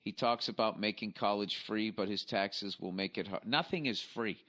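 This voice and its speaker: A man's voice: on the low side, normal speed, pushed and bright. A man in his forties from the United States, hosting a podcast in a blunt, profane, exasperated way while reading out a listener's letter. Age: 40s. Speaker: podcast host.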